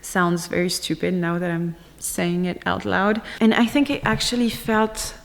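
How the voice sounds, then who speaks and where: A young woman vlogging about her own experiences in an emotional, halting way, with frequent restarts and fillers. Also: fairly low pitch, fairly even intonation, vocal fry, in a large hall. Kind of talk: personal vlog storytelling.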